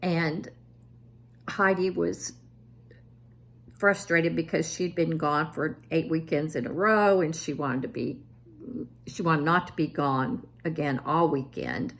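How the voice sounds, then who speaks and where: Speaking slowly in a low, creaky voice, this vlogger in her 70s shares family stories in a relaxed, self-deprecating way. She livens up noticeably whenever she quotes her family.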